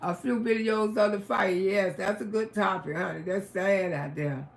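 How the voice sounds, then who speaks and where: A middle-aged woman hosting a livestream, telling stories in a brash, profane, casual way and breaking into loud exclamations. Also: medium pitch, normal speed, gravelly. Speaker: livestream host. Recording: roomy echoey room.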